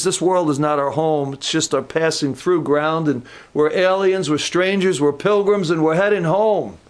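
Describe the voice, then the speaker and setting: A man preaching a sermon as pastor, telling stories in a relaxed, conversational way. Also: fairly high pitch.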